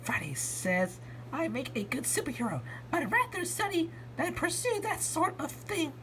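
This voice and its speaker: A woman voicing a studious female living block, talking in a soft, matter-of-fact way. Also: sits high, animated, normal speed, slight background noise, voice pushed up.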